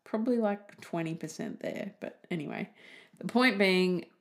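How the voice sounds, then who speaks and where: A woman's voice: medium pitch, normal speed. A woman from Australia hosting a podcast, talking casually, giggling often and wandering off on tangents. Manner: giggly, self-mocking, goes off on tangents. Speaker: podcast host. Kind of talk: rambling casual podcast monologue. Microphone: desk mic, typing heard.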